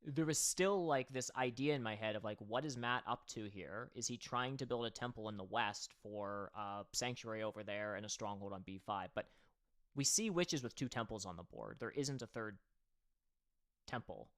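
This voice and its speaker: A man's voice: on the low side, normal speed, a bit bright. A man hosting a livestream and commenting casually on a board game match. He thinks aloud and talks straight to his viewers.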